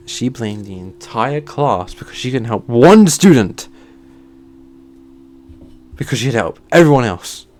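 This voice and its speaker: A man telling a heated storytime rant, swearing often and flaring into shouted outbursts before sighing and calming down. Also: medium pitch. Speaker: channel host. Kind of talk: ranting storytime monologue.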